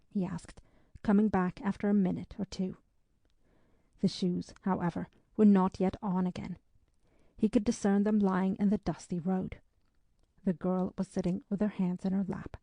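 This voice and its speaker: A woman narrating an audiobook in a measured, even storytelling manner. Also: lowish voice, creaky, no echo.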